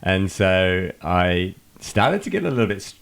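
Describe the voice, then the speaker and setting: A man's voice: low-pitched, very animated, a little slow, vocal fry. A middle-aged man co-hosting a podcast, chatting casually and acting out old phone calls as he tells stories. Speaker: podcast co-host. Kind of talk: casual chat.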